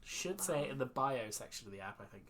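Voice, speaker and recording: A dungeon master narrating a fantasy tabletop game in a relaxed way, with frequent fillers. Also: mid-range voice, fast talker, noisy background.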